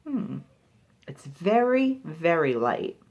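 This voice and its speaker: A woman's voice: fairly low pitch, sing-song, takes it slowly, darkish tone, lo-fi sound. A woman talking casually to camera as she tries and reviews lip balms, thinking aloud and poking fun at herself. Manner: chatty, thinking aloud, self-deprecating. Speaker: beauty reviewer. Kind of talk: product review vlog.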